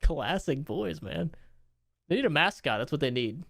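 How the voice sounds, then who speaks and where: Incredulous young man, animated voice, dry sound. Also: on the high side, normal speed, gravelly, dry recording. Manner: incredulous, joking, swears. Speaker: podcast host. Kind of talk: casual chat.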